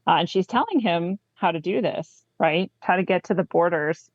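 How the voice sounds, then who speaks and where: A woman co-hosting a book club discussion, enthusiastically talking through the story and reading passages aloud, often checking in with a quick "right?". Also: fairly low pitch, expressive, no echo, highs cut off. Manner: enthusiastic, frequent "right?" asides.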